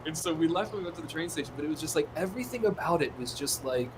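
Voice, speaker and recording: A man's voice: a little high, lively intonation, racing. A man co-hosting a casual livestream chat, rambling through a story and swearing freely. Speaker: co-host. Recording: noisy background.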